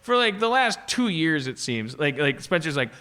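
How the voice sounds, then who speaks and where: Male podcast host, bright tone, rambling comic storyteller. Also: a little high, sing-song, moderate pace, clean tone. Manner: rambling, restarts a lot, swears freely, acts out voices. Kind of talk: casual comedic storytelling. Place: podcast stage with live audience.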